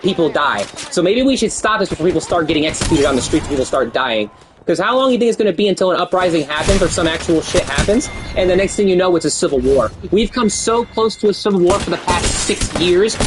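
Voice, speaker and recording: A man's voice: high-pitched, noisy background. A man from the United States giving a heated, profane political rant in a blunt, agitated way.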